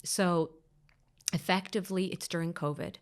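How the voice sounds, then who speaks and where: Low-voiced woman, hushed storytelling. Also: fairly even intonation, moderate pace. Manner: drops to a hushed whisper at painful moments; acts out others' words in quotes. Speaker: podcast guest. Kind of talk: emotional personal storytelling.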